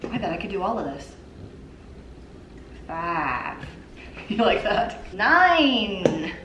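A woman's voice: mid-range voice, lively intonation, moderate pace, noisy background. A woman in her thirties, a mother chatting casually to viewers as she cooks in her home kitchen. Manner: chatty and upbeat, talks to viewers while cooking. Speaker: cooking vlogger, mother. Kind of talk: casual cook-along chat. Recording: echoey kitchen room.

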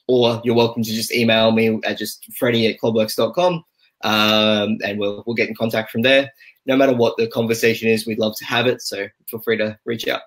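A man talks as a guest on a podcast, relaxed and easygoing. His voice sits in a middle pitch and stays fairly flat in its melody. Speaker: podcast guest, software company rep. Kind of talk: casual interview chat.

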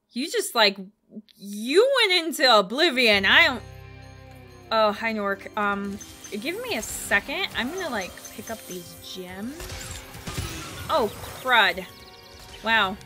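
A woman in her twenties giving gaming commentary as a let's play host, exasperated and repeating herself in rapid bursts. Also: medium pitch.

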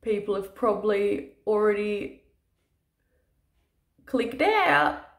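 A woman narrates her makeup tutorial in a casual, chatty way, sleepy but lively, with offhand swearing and self-mocking asides. Her voice sits at an ordinary middle pitch. The room gives it a noticeable echo. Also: takes it slowly. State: tired from little sleep. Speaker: makeup artist doing a tutorial. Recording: roomy echo.

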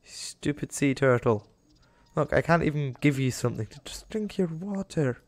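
A man's voice: mid-range voice, moderate pace, a little mellow, no echo. A young man giving casual, rambling commentary over a game, talking to the animals on screen and getting exasperated with them. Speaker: gaming YouTuber.

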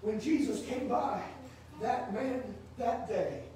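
High-voiced preacher, echoey church. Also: male voice, takes it slowly, slight background noise. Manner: preaches with rising shouts and sudden drops to a low voice. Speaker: pastor. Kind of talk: sermon. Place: church sanctuary. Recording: echoey church room from far off.

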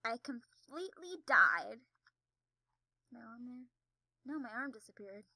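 Young woman gamer, high, bright and bouncy, chatty and giggly, dry close desk mic. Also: expressive, measured pace, no echo, rough recording. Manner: chatty, giggly, yelps when falling. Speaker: gaming video creator. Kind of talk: casual gameplay commentary. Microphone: desk mic with audible keyboard.

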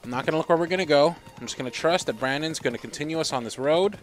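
A man commentating a live game stream, animated and chatty, talking to his in-game horse with sudden loud outbursts. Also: fairly high pitch, racing. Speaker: gaming streamer. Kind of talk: live let's-play commentary.

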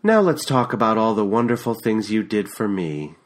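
A man reading an audiobook and voicing a bitter, scornful middle-aged woman who mocks and erupts into shouting, recorded on a USB condenser mic. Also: on the low side, big pitch swings, normal speed. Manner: sharp-tongued, mocking, erupts into shouting.

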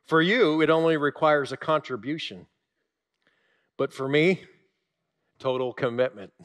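A man's voice: fairly high pitch, unhurried, fairly bright tone. A man voicing a level-headed barnyard hog with a dry, matter-of-fact delivery in a sermon story. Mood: wry.

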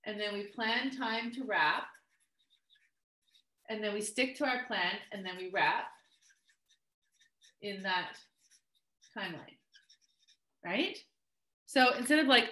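A woman's voice: mid-range voice, moderate pace, pauses often, sharp tone. A middle-aged woman leading a coaching webinar in a chatty, upbeat way, full of fillers and little acted-out quotes. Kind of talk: casual teaching talk.

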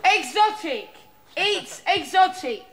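A woman's voice: extremely high pitch, very animated, takes it slowly, noisy background, heavily acted. An actress playing a coarse, stubborn young slob mother who bickers in a whiny voice, in a TV comedy sketch. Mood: bickering. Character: slobbish young London mum, coarse and stubborn. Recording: TV sketch with loud studio audience laughter.

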